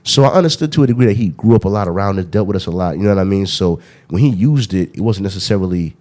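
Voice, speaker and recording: A man's voice: low voice, animated, very fast, a little mellow. A man hosting a podcast in casual chat, rambling with frequent laughs and fillers. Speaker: podcast host.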